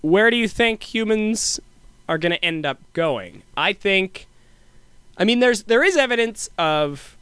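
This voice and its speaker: Bright, crisp young man riffing on a podcast. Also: sits high, lively intonation, measured pace, no echo. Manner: playful, rambling, goes into silly voices. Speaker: podcast co-host. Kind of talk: casual conversational podcast.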